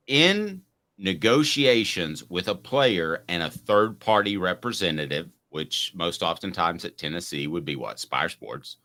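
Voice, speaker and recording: A man's voice: low-pitched, bright, forceful tone. A man hosting a casual sports talk show, rambling and joking, often restarting his sentences. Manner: rambling, joking, self-interrupting.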